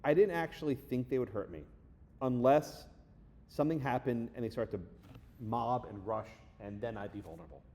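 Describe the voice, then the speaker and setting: A middle-aged man giving a lively, conversational lecture to an audience, often checking in with a quick "right?". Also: medium pitch. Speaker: law professor giving a guest lecture. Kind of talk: animated lecture with slides.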